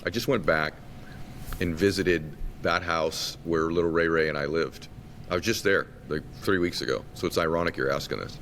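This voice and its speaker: Brief: deep, lively male guest storyteller, long room reverb, faint rumble underneath. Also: normal speed. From Massachusetts. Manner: animated storyteller who acts out quotes. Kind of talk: storytelling in a conversation.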